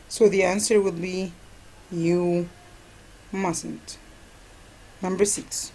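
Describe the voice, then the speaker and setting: A woman's voice: medium pitch, unhurried, gravelly, darkish tone, husky, rough recording. A woman whose first language is Arabic, teaching an English grammar review lesson and answering her own questions. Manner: asks questions and answers them herself, repeats key words.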